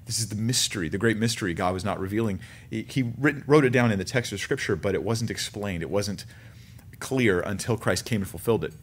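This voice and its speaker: A man preaching a sermon in a conversational teaching style, with animated asides. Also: on the low side, slightly rough. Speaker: pastor.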